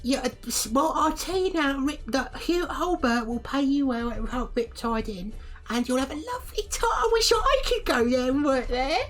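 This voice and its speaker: A woman's voice: high voice, lively intonation, moderate pace, faint music behind, pitched above the performer's own voice. A woman voicing a fussy, doting mother who coos and calls her son dearie. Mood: cooing. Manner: cooing, calls him dearie.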